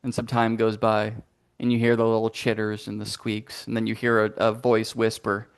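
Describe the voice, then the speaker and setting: A man narrating as game master of a tabletop game, playful and animated, with sound effects. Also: fairly low pitch, moderate pace, clear, resonant tone.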